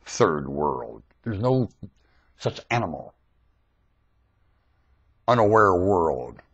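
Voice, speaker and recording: A man ranting into a webcam in a preachy, shouting way, his pitch swinging wildly. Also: very animated, drawn-out words, long pauses, husky. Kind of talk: webcam rant.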